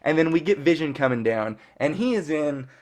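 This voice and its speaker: This fan reviewer, a man in his thirties, recaps a TV episode casually in a slightly high, somewhat mellow voice. He sounds animated at a normal speed, rambling with plenty of "you know" and the occasional curse.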